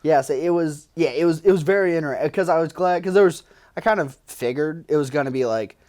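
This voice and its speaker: Excitable man, fast casual chatter. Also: a little high. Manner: excitable, swears a lot, laughs often, many fillers. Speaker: podcast producer, guest host. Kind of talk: casual chat.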